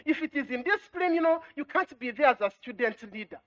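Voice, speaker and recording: High-voiced woman exhorting students. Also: animated, quick pace, muffled recording. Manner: exhorting, repetitive, with rhetorical questions; frequent "you know" fillers. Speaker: education ministry official. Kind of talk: formal address to students.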